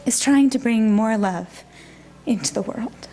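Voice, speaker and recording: Woman minister, sermon, gentle and reflective, slightly high voice, faint room ambience. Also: a little slow, a little hiss or hum. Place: church.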